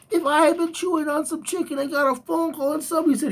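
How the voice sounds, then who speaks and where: A man's voice: extremely high pitch, fast talker, few pauses, distant mic. A man who works security, venting in a profane vlog rant about a coworker. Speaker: security guard.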